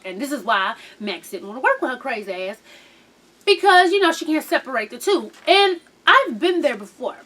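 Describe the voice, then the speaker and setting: A woman with a high voice chats about a reality show, her pitch swinging widely. She recaps it casually with plenty of swearing, animated and profane, mimicking the lines of the people she quotes.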